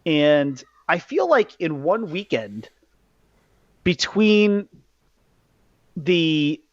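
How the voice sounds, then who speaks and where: A man hosting a podcast, ranting in a casual, profane way about a wrestling event, jumping between loud outbursts and low muttering. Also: big pitch swings, very slow, dry recording. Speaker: podcast host. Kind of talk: casual wrestling recap rant. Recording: dull lo-fi podcast mic.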